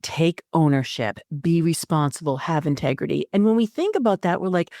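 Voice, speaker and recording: Low-voiced woman astrology host. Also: moderate pace, few pauses, dry recording, clean studio sound. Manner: expressive, with frequent fillers. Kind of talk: spiritual guidance talk.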